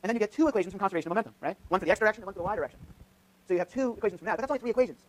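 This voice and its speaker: In a lecture hall, a male physics professor talks through a live demonstration in a high, rapid-fire voice. He thinks out loud, restarts frequently, and keeps tagging his points with "right?"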